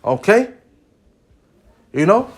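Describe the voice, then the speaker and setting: High-voiced man preaching emphatically. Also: big pitch swings, drawn-out words. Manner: emphatic, ends phrases with "man"; stumbles and repeats words. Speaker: religious teacher. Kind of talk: preaching lesson.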